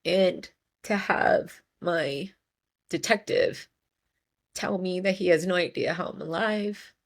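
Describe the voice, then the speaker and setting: A woman's voice: lowish voice, takes it slowly, gravelly. A young adult woman hosting her own podcast, talking in a heartfelt, tearful way, repeating and restarting her words. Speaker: podcast host. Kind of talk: heartfelt solo podcast monologue.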